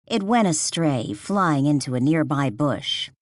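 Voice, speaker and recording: A woman narrating an audiobook with expressive storytelling. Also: sits low, unhurried, no echo, clean studio sound. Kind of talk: scripted narration.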